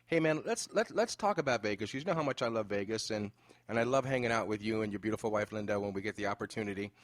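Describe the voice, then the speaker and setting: A man hosting a podcast interview, telling an animated story with many fillers. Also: on the low side, quick pace, no room sound, clean studio sound. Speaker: podcast host. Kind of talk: casual interview chat.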